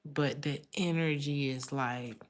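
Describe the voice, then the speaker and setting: A woman's voice: extremely low pitch, steady tone, slow, very noisy. A woman giving a casual tarot reading, chatty and slangy, laughing often between remarks. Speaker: tarot reader.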